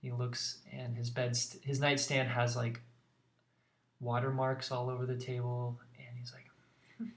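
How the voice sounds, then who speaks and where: A man casually pitching storyboards in a rambling way, full of fillers. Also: monotone, unhurried, a little hiss or hum. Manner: rambling, filler-heavy narration. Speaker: storyboard artist. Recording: roomy echo.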